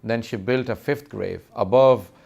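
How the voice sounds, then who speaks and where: A man's voice: medium pitch, measured pace, gravelly, a little mellow. A man delivering a mournful sermon, recounting a lament in a grieving, heartfelt tone. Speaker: speaker.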